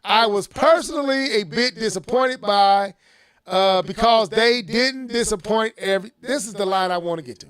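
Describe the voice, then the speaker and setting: Animated high-voiced male podcast host. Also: moderate pace, clear, resonant tone, no room sound. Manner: animated, rises to shouting when worked up. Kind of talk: casual gaming podcast chat.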